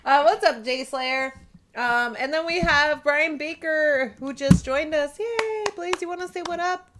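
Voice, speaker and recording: A high-voiced woman hosts a loose gaming podcast, teasing her guests and laughing between questions. She speaks into a home microphone over a video call. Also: fairly bright tone, slight background noise. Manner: laughing, teasing, quick to curse. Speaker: podcast host. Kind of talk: casual group chat on a gaming podcast.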